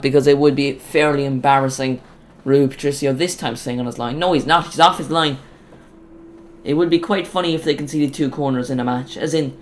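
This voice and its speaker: A man commentating live on a football match as a streamer, chatty and rambling, getting loud on big moments, with his voice cracking. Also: mid-range voice. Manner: chatty, rambling, excitable on goals. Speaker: watch-along streamer.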